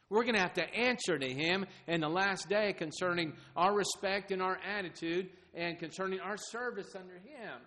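A man's voice: high voice, normal speed, hardly any pauses, bright, forceful tone. Earnest preacher man in a reverberant hall. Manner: earnest, repeats words, voices the crowd's demands. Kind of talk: sermon.

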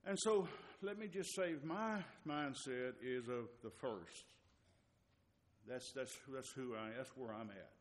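A man preaching a fiery, repetitive sermon, building up to near-shouting for emphasis. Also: medium pitch, measured pace, a little hiss or hum. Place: church hall. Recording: long reverb of a church hall.

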